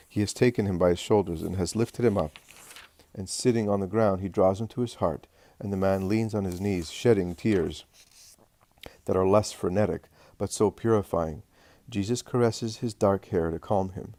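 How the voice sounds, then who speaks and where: A man narrating religious prose in a steady, even reading voice. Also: deep voice, normal speed, dry recording.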